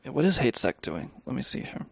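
Gravelly man telling a rambling story. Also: medium pitch, very animated, a little fast, no echo. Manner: rambling, profane, laughing. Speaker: live stream host. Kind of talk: casual storytelling and reading chat.

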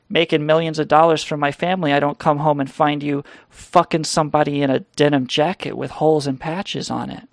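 A man's voice: mid-range voice, creaky, dry recording, studio quality, close to an everyday voice. A man voicing an aggrieved male spaceplane husband who rants profanely about his cheating wife in a comedy stream. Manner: profane, indignant complaining.

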